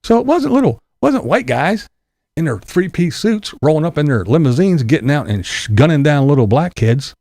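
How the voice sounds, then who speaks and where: A man's voice: a little high, sing-song, moderate pace, a little mellow, no room sound. A man giving an angry, profane political rant as a vlogger, sarcastic and full of mocking mimicry.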